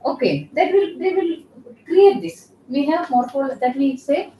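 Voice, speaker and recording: A woman's voice: sits high, very animated, a little slow, highs cut off, a little hiss or hum. A woman professor, giving a classroom lecture and patiently repeating terms as she explains. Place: lecture room. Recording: echoey room, voice from far off.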